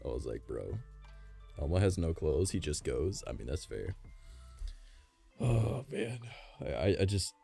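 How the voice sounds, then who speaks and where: A man's voice: very deep voice, big pitch swings, measured pace, vocal fry, long pauses, mellow, breathy edge. A man streaming casually, rambling and swearing with a strained, worn voice, faint music behind him. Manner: rambling, profane, laughs often. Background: faint background music.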